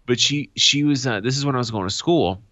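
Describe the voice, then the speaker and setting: A man's voice: medium pitch, brisk, bright, forceful tone, no room sound, muffled recording. A man co-hosting a podcast, joking crudely in casual banter and recounting his own stories. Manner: crude, joking banter with playful quoted lines. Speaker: podcast co-host. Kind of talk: casual chat.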